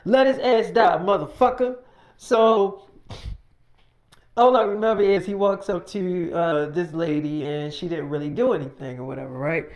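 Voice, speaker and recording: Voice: medium pitch, steady tone, normal speed, a little mellow, echoey room, lo-fi sound. Rambling, casual game-story recap. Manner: rambling, with lots of "so he's like" quoting. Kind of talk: casual retelling of a role-play game.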